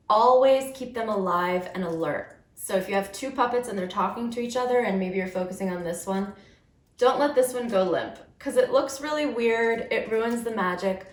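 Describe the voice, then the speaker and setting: In an echoey room, a woman with a medium-pitched voice teaches puppet making and puppet voices to children and parents. She is upbeat and encouraging, demonstrating as she explains in a friendly instructional talk.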